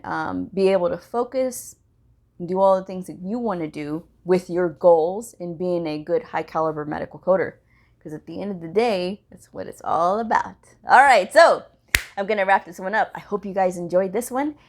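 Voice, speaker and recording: A woman with a slightly low voice talks straight to her viewers about building their careers. She is blunt and direct, laughing often between points in a casual vlog style. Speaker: medical coding channel host.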